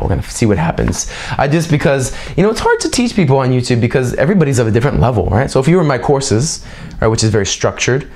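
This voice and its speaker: Young male teacher, mid-pitched, casual unscripted lesson, rambling and self-deprecating, tags sentences with "right?". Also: gravelly, a little mellow. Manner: loose and rambling, chatty asides and self-mocking jokes; keeps checking in with a tag "right?". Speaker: language teacher.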